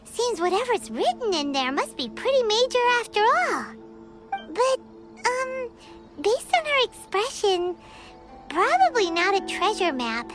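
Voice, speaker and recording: A tiny floating fairy companion with a very high, squeaky voice that leaps all over the place. She is chirpy and excitable and refers to herself in the third person. Game music plays underneath. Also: unhurried, exaggerated voice. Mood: curious. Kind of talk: video game voice acting. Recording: game audio with background music.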